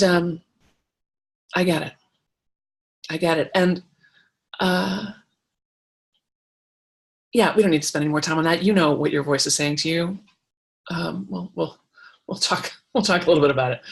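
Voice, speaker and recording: A woman's voice: lowish voice, creaky. A middle-aged woman teaching a creativity workshop, talking in an encouraging, chatty way with fillers and restarts. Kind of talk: live online workshop talk.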